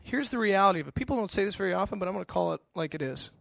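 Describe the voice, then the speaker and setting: Animated, high-voiced pastor preaching. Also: male voice, racing, gravelly, no echo. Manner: animated storytelling, with frequent stammered restarts. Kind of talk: conversational sermon.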